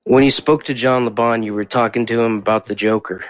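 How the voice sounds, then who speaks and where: A man's voice: mid-range voice, steady tone, fairly quick, no echo. A man hosting a casual group call, easygoing and prompting the others to talk. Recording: dull lo-fi call audio.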